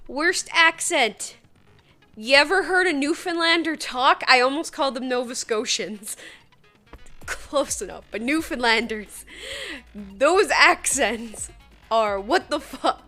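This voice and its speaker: Slow-talking woman with a Saskatchewan accent. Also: sits high, expressive, bright, forceful tone, soft background music. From Saskatchewan, Canada. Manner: giggly and chatty, swears casually, reads chat aloud. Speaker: streamer. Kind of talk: casual gaming stream chat.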